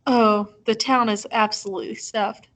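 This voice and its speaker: A woman reading as a brisk, warm old woman. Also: on the high side, steady tone, lightly acted, low-quality recording. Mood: chatty. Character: brisk kindly old woman, low pebbly voice.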